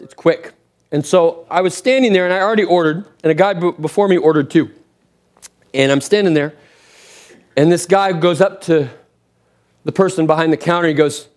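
A male pastor in his thirties preaching from the pulpit, his voice sitting slightly high. He tells stories animatedly, acting out bits of dialogue and repeating key phrases for emphasis. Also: fairly quick. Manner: animated storytelling, with energetic re-enacted dialogue and repetition for emphasis. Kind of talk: sermon.

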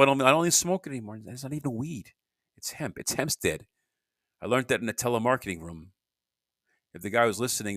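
A man talks alone on his podcast in a lowish voice, drifting from point to point and cutting himself off mid-sentence. His voice sits close and dry, with no room sound around it. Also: a bit bright, dry recording. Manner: rambling, restarts sentences, grumbling asides. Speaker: podcast host. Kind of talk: rambling solo podcast monologue.

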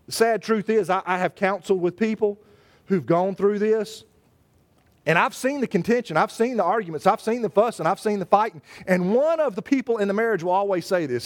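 A man preaching a sermon in an animated way, stammering and restarting, and acting out the voices he quotes. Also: sits high, a little fast. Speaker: pastor.

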